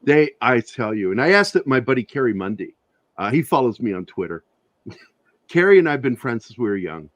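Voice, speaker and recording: A man who is a guest on an interview show, telling profane, animated anecdotes with a lot of laughter in casual conversation. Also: mid-range voice, fairly quick, dry recording. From Virginia, USA. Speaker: interview guest, comic creator. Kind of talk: casual storytelling.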